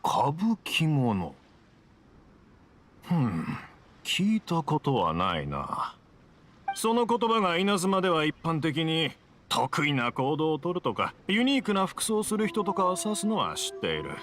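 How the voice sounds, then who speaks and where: A man's voice: on the high side, huge pitch swings, fairly quick, fairly bright tone, slight background noise. A man voicing a knowing, easygoing young man who talks in a casual, chatty way. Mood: musing.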